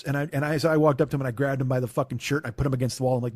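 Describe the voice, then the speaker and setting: A man doing stand-up, telling a long profane story with exasperated, animated delivery. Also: medium pitch, very fast, few pauses, no room sound, clean studio sound. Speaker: stand-up comedian.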